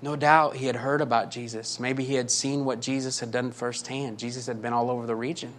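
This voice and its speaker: A man's voice: medium pitch, level tone, a little fast, fairly bright tone, a little hiss or hum. A male pastor preaching a sermon with passion, driving points home with repetition and rhetorical questions.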